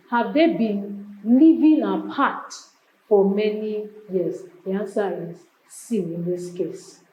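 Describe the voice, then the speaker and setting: A woman's voice: mid-range voice, highs cut off. Woman teacher, Nigerian accent, echoey room. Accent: Nigerian English. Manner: explains step by step, repeating options aloud. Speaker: exam prep teacher. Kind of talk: exam revision lesson.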